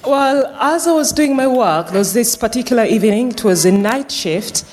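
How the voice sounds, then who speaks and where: A woman care worker giving a church testimony, telling her story lively and acting out the dialogue. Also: on the high side, normal speed.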